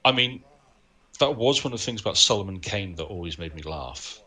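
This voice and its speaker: A man's voice: low-pitched, lively intonation, brisk, bright, forceful tone. A man co-hosting a film podcast, sharing film trivia in a casual, anecdotal way. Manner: knowledgeable, anecdotal, laughs often. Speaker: podcast co-host.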